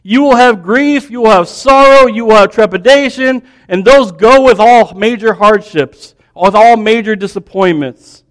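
A man preaching a sermon, building questions in a row and dropping to a soft hush. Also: high-pitched, unhurried, few pauses. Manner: animated storytelling preacher, dropping to soft hushed tones.

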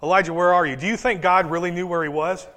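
Male pastor, sermon delivery, animated, high voice, long hall reverb. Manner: animated preaching, voices Bible figures in quick asides.

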